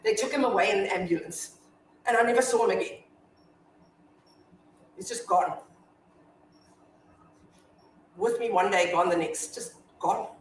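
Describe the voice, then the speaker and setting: An actress playing a grieving, foul-mouthed widow in a staged reading, telling her story from hushed to shouting. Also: mid-range voice, moderate pace, long pauses, a little hiss or hum, lightly acted. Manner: confessional monologue, swinging from hushed to shouting. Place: theatre stage. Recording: echoey hall from far off.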